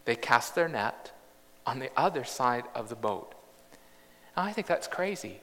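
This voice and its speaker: A man in his fifties preaching a sermon in a large church, measured and reflective with bursts of humour. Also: mid-range voice, sing-song, fairly bright tone. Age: 50s. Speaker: pastor. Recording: long church reverb.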